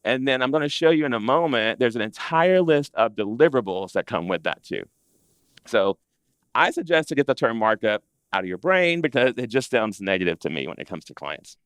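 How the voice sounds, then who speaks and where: A man presenting to an audience of interior designers in a chatty, animated way, acting out what clients say. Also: mid-range voice, a little fast, clear, resonant tone, no echo. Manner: animated, conversational, acts out clients' complaints. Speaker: interior design business educator. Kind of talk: live presentation to a seated audience.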